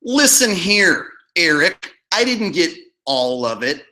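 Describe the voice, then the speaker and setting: A man's voice: sits high, big pitch swings, slow pace, bright, forceful tone. Sarcastic, mocking male host. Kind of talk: reaction commentary.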